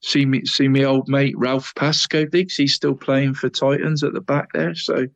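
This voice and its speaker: Man, football podcast co-host, rambling, says mate a lot, mid pitch, dry close sound. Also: little pitch movement, moderate pace, dry recording, dull audio. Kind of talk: casual football chat.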